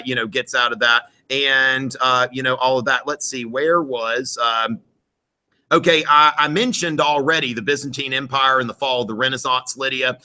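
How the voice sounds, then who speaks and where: A man's voice: fairly high pitch, bright, forceful tone. A male history teacher giving a live exam review to students in a classroom, rambling with many fillers and jokey asides.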